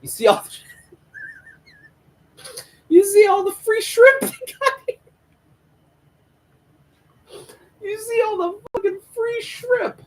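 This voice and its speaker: A man voicing a giddy, excitable hillbilly woman who gushes in a squealing falsetto about free food. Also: measured pace, pauses often, low-quality recording. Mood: excited.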